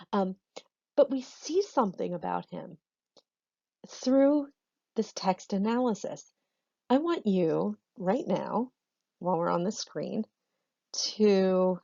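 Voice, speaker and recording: Gravelly woman teaching a drama lesson. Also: mid-range voice, dark tone, no echo, dull audio. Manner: chatty, laughs often, self-correcting. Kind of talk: recorded online lesson.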